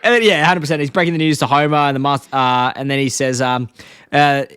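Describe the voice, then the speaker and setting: A young man co-hosting a podcast, rambling through a plot recap and dropping into quick impressions of the characters. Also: on the high side, fairly even intonation, fairly bright tone, clear, resonant tone, no echo, clean studio sound. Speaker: podcast co-host. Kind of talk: casual chat.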